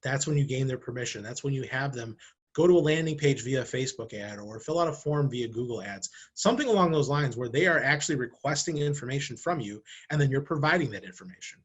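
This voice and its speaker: A marketing director records a talking-head marketing video, speaking to camera in a husky, mid-range voice that's fast with lively intonation. He stays conversational, raising rhetorical questions and acting out short scenarios.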